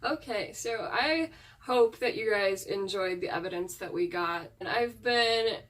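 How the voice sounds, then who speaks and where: A woman's voice: mid-range voice, fairly bright tone, far from the mic. A woman who hunts ghosts, talking earnestly in a casual chat with her viewers. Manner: chatty and earnest, with frequent fillers. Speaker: paranormal investigator vlogger.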